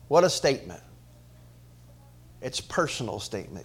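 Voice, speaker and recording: A man preaching a sermon to his congregation, swinging between loud emphatic rises and quiet drops, often asking the church questions. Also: mid-range voice, a little slow, pauses often. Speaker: pastor.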